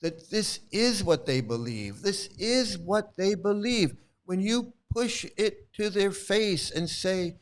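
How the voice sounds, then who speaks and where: This livestream host speaks to his chat combatively and repetitively, answering its messages as he comments. His voice is high-pitched and sing-song, and he talks slowly with few pauses.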